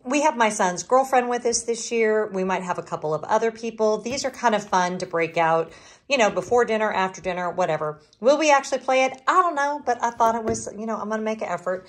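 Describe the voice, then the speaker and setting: A woman's voice: medium pitch, a little fast. A middle-aged woman with a Southern US accent, chatting casually in a vlog about her shopping haul, often breaking off mid-sentence. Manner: rambling, self-interrupting. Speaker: vlogger.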